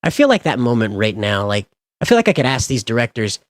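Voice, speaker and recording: A man's voice: medium pitch, very animated, a little fast, a bit bright, no room sound, clean studio sound. A man hosting a livestream, ranting in a sarcastic, sweary, exasperated way. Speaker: livestream host. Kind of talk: casual ranting stream commentary.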